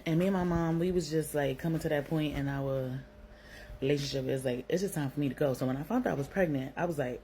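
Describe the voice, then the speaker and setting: In a rough-sounding, poor-quality clip with slight background noise, a young Brooklyn woman speaks fast in a mellow voice that sits low. Her New York accent carries a candid personal story, loaded with slang, profanity and "like" fillers.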